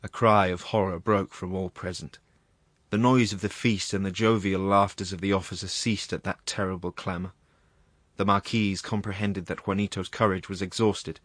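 A male narrator reads a classic tale in a measured, grave manner. His voice sits very low. The recording is dry and close. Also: a bit bright, dry recording. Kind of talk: scripted narration of a classic story.

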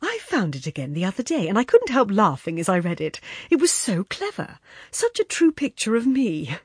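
A woman reading the part of a wistful, earnest man who speaks softly and musingly, in a husky, breathy voice. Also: sits high, huge pitch swings, normal speed, no echo, studio quality, full character voice. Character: wistful, wheedling former young lover, man.

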